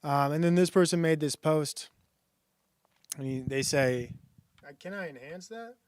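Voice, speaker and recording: A man chatting casually on a stream, rambling and halting with lots of fillers. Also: a little high, a little mellow, no echo, clean studio sound.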